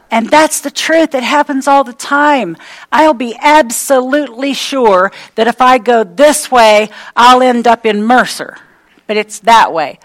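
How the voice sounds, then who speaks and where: A woman's voice: fairly high pitch, poor audio. A woman preaching a sermon, emphatic and repetitive, with folksy everyday asides.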